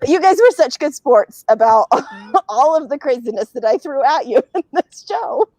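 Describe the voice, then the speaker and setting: A woman's voice: sits high, lively intonation, moderate pace, darkish tone, dry recording, poor audio. A woman who directed the show, chatting animatedly in a casual reunion call and laughing often.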